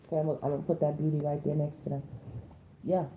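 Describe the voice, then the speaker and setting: Woman, tarot reader, casual slangy delivery, low voice, faint background noise. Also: very fast. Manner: animated, slangy, blunt, with sudden high-pitched exclamations. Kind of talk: casual spoken tarot reading.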